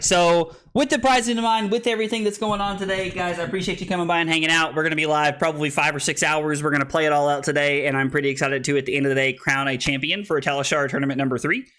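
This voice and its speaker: Young male streamer, slightly high voice, winded and pumped, chatty and rambling. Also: fast talker, hardly any pauses. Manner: excitable, rambling with many "like" fillers. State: out of breath. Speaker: streamer hosting an online card tournament. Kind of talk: casual live-stream chat.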